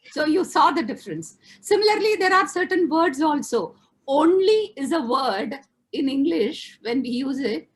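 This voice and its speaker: Woman lecturer, high and lively, emphatic classroom delivery. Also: measured pace. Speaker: webinar lecturer.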